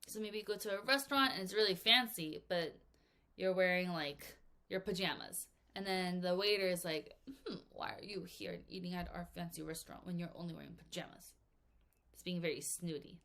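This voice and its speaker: A woman teaching English vocabulary to children, reading examples aloud and acting out little scenes in playful voices. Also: mid-range voice. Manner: lively, acts out little examples in silly voices and whispers. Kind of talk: vocabulary lesson for kids.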